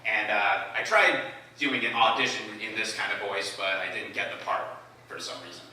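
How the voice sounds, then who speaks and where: A man's voice: fairly low pitch, moderate pace, bright, forceful tone, a little hiss or hum. A young man talking casually and hesitantly to an open mic audience. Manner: hesitant, filler-heavy. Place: open mic event, indoor hall. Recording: echoey hall, mic far off.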